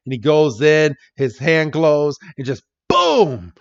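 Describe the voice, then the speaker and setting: A man co-hosting a casual podcast chat, excitable and acting out characters' lines in playful voices. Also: medium pitch, unhurried, hardly any pauses, no echo. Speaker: podcast co-host. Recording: dull lo-fi, dry.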